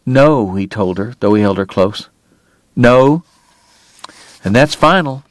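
A man voicing a dying gentleman who speaks softly and wearily to his lover. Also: mid-range voice, expressive, slow, no room sound. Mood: firm. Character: dying gentle Southern gentleman, weary and tender.

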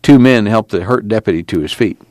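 A man with a somewhat low voice narrates a novel at an even, measured pace. The recording is close and dry, with no room sound. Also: no echo. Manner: steady, measured storytelling. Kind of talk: audiobook narration.

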